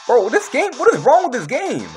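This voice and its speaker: A young man commentating casually on a handheld game as he plays, excitable and quick to exclaim. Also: very high voice, soft background music. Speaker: let's play gamer.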